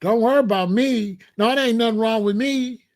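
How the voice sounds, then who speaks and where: A man's voice: very high-pitched, a little fast, darkish tone. A middle-aged man from the United States talking in a blunt, emphatic casual monologue, often repeating himself. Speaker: commentary channel host.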